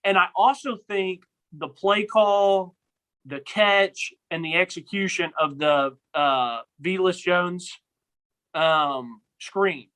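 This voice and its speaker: A man's voice: high voice, takes it slowly, sharp tone, rough recording. A young man co-hosting a casual sports podcast, rambling with many restarts and repeated words. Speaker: podcast co-host.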